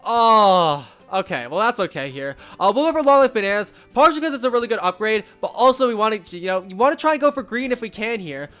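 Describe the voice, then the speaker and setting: Young youtuber guy chattering thru a tower defense game, high voice, jumps all over, talks fast, faint music behind. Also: lively intonation, sharp tone, clean tone. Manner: rambling, upbeat, many fillers and asides. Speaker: gaming YouTuber. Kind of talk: gameplay commentary.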